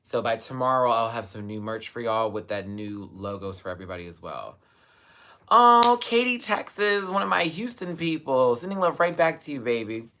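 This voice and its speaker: A young man hosting a live stream, reading viewer comments and chatting casually, with sudden high exclamations and bursts of laughter. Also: lively intonation, normal speed, sharp tone.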